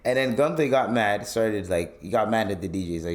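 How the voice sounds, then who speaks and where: Brisk and fairly low-pitched, the Canadian host rants loosely on his podcast, cursing without restraint. He brings his stories to life by voicing the people he quotes.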